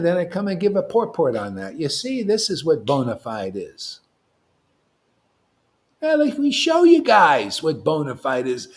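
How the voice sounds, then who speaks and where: A man preaching informally to a devotional group, animated and slangy, often tagging lines with "man". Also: high voice, a little slow. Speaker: devotional teacher.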